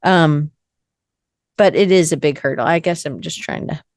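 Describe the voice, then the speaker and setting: A Southern American woman hosting a podcast, talking casually in a rambling, lively way that often stops and restarts. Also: sits low, normal speed, no room sound, clean studio sound. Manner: rambling, lively, self-interrupting. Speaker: podcast host. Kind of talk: casual conversation.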